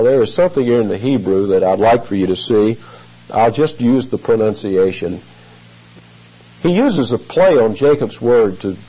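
A man's voice: medium pitch, warm tone, breathy edge. A man preaching an expository sermon, earnest and emphatic, stretching out key phrases. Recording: muffled lo-fi recording.

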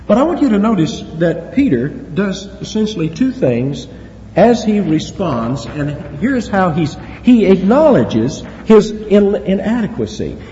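A man preaching a sermon with lively emphasis and chuckling asides. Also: on the high side. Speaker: pastor. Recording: echoey hall, dull lo-fi sound, faint hiss.

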